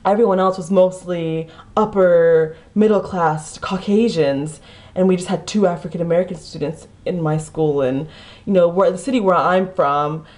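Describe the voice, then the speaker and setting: A young vlogger with a Kentucky accent tells a meandering story to her camera, constantly restarting and saying "like" a lot. Her voice is fairly low-pitched and a little mellow, at a moderate pace.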